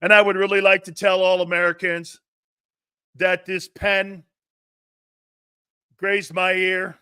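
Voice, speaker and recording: A man's voice: high-pitched, little pitch movement, takes it slowly, pushed and bright, clean tone, exaggerated voice. A man putting on a grandiose political acceptance-speech voice as a mock impression.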